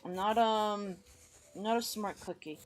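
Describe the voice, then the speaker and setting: A woman's voice: mid-range voice, unhurried. Rambling woman streamer chatting while drawing. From United States. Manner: rambling, self-deprecating, muttering to herself; greets chat members upbeat and friendly. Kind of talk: casual livestream chat while drawing.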